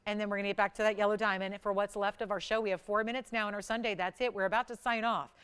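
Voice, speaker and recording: A woman's voice: mid-range voice, steady tone, rapid-fire, a bit bright, clear, resonant tone. A middle-aged woman hosting live jewelry sales on a shopping channel, pushing urgent countdown price reveals.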